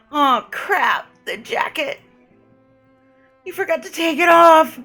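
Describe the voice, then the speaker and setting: A young woman streams a video game, reading its narration aloud and breaking into frustrated, profane rants. Her voice is bright and sits a little high. Faint game music plays underneath. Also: lively intonation, slow, pauses often. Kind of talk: live gameplay commentary.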